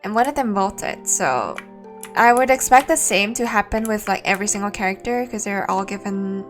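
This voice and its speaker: A woman's voice: medium pitch, expressive, normal speed, soft background music. A woman streaming a game, chatting casually and thinking aloud, laughing easily. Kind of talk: casual let's-play commentary.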